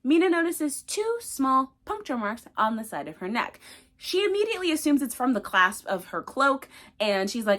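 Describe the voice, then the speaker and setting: A woman's voice: high-pitched, very animated, normal speed, fairly bright tone. A young woman recapping a book casually, rambling with lots of fillers. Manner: rambling, filler-heavy, chatty. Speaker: book reviewer.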